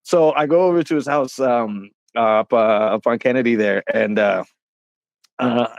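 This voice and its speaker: A man's voice: medium pitch, moderate pace, creaky, no echo. A middle-aged man telling stories in a casual interview, rambling with many fillers and restarts. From Canada. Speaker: interview guest, rapper.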